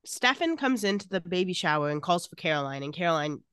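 A woman's voice: on the low side, big pitch swings, fast talker, fairly bright tone, smooth, dry recording, studio quality. A woman co-hosting a podcast, casually retelling scenes from a TV episode and quoting the characters' lines as she goes. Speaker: podcast co-host recapping a TV episode. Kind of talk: casual chat.

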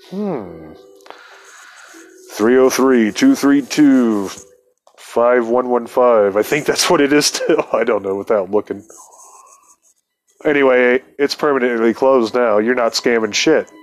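A man telling a casual, profane story in a laid-back way, often chuckling. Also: mid-range voice. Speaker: podcast storyteller.

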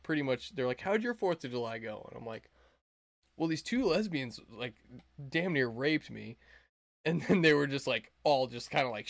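A man's voice: mid-range voice, no room sound. A young man chatting on a podcast, telling a crude, rambling story with lots of fillers and laughs. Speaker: podcast co-host. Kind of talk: casual podcast chat.

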